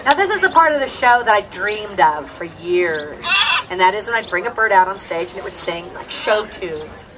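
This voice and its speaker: A woman hosts and trains birds in a live animal stage show, speaking at normal speed in a medium-pitched voice with lively intonation. She cracks self-mocking jokes to the audience, and the loud, noisy recording has a crowd in the background.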